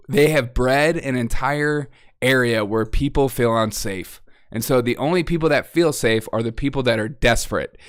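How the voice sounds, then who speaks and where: A man's voice: mid-range voice, a bit bright, dry recording, studio quality. A man hosting a comedy news show, giving sarcastic, mocking commentary and breaking into laughter often.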